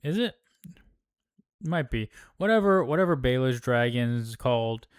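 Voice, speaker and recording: A man recapping a TV episode in loose, profane chat full of fillers. His voice is smooth and resonant, at an ordinary pitch. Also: animated, measured pace. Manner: rambling, profane, many fillers. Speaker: recap host. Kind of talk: casual TV recap.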